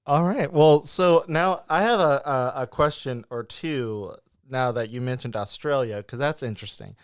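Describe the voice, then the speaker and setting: A man hosts a casual interview, upbeat and full of quick interjections. His voice is smooth and clear at a medium pitch. The recording is close and dry. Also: dry recording. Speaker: podcast host.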